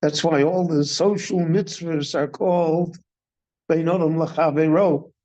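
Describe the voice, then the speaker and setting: An older man, a rabbi, giving a slow, deliberate Torah class in a synagogue, posing questions and then answering them. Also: fairly high pitch, fairly even intonation, dark tone. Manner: measured teaching, poses questions and answers them.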